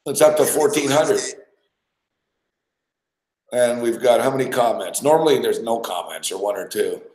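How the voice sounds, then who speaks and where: A man hosting a sports podcast, ranting casually with swearing and laughter, and getting excited as he recounts plays. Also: medium pitch, moderate pace, echoey room, low-quality recording. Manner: profane, laughing, gets excited over plays. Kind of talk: casual sports talk rant.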